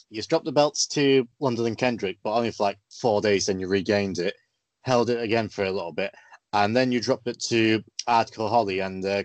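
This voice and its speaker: Male interviewer, low voice, easygoing, laughs along; dry, close sound. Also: no room sound. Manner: laughs along, asks long questions. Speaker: interviewer, podcast host. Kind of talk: casual interview.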